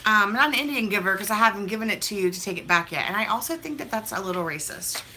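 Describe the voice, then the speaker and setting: A woman's voice: medium pitch, animated, quick pace, bright, forceful tone, a little hiss or hum. A young woman vlogging as she opens mail, talking in a hyper, chatty, gushing way. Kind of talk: casual mail-opening vlog.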